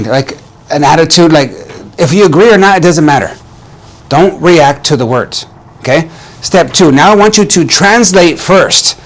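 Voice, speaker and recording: A man with a slightly higher voice talks through relationship advice like a coach. He is earnest and repeats his points, stumbling into restarts as he speaks directly to the listener. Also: moderate pace. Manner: earnest, repetitive, addresses viewer as "man", many restarts. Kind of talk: direct-to-camera advice talk.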